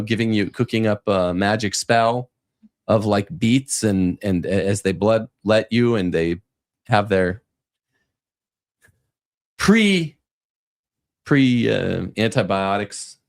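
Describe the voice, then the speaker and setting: Low-voiced man, sardonic rambling commentary. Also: takes it slowly, long pauses. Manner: rambling, sardonic, with frequent restarts. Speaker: podcast host. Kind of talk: casual commentary.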